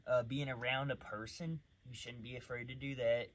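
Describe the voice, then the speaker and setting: A man's voice: mid-range voice, flat delivery, normal speed, a bit bright, no room sound. A man who trains dogs, talking casually while working a dog outdoors at night, mixing loose explanations with short, firm commands.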